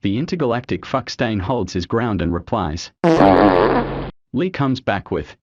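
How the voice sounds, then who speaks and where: A man's voice: on the low side, lively intonation, measured pace, no echo, lo-fi sound. A man reading scripted commentary, sneering and heaping crude insults on his target. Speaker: commentary narrator. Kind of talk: scripted mocking voice-over commentary.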